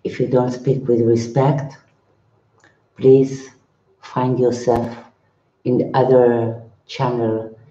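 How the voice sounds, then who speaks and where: An older man speaks slowly and haltingly, with a dark, mellow tone and broken English. He is a monk chatting with viewers on a live stream, often repeating his words. The sound is roomy and a little dull. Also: medium pitch, level tone.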